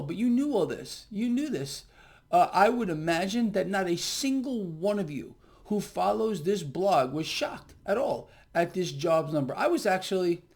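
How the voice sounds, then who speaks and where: Guy ranting about the economy on his own vlog, repeats himself, pushy and fired up. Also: high voice. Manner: emphatic, indignant, repeats points. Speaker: market commentary host. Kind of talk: solo market commentary vlog.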